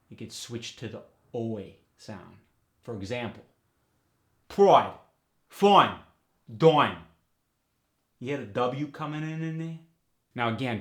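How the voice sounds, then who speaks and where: Slow-talking man coaching an accent. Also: on the low side, echoey room. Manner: upbeat teacher, loudly exaggerating example words. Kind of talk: dialect tutorial.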